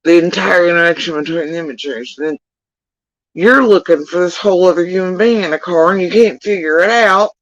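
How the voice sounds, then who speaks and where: A man telling an emotional personal account, halting and swearing often as he recounts what happened. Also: sits high, a bit bright, no room sound, lo-fi sound. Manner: profane, halting, emotional retelling. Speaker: witness recounting events.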